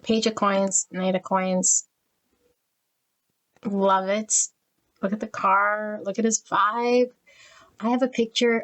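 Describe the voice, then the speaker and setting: Slow-talking gushing woman tarot reader. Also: mid-range voice, little pitch movement, a bit bright, poor audio. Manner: gushing, unhurried, emotional. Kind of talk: casual deck flip-through and reading.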